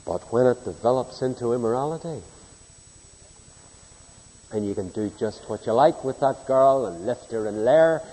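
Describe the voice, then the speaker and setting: A man preaching a sermon in a large hall with a long, ringing reverb. His voice is dark and a little husky, and his pitch jumps around a lot as he acts out the people in his stories. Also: lively intonation, normal speed, long pauses. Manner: storytelling, mimics people in anecdotes, swings from hushed to loud.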